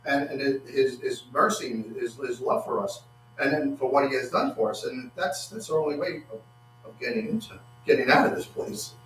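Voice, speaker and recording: Halting preacher in an echoey room. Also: male voice, mid-range voice, soft background music. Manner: halting, repeats words, acts out quotes with rising excitement. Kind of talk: sermon. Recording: echoey room from far off with faint hum.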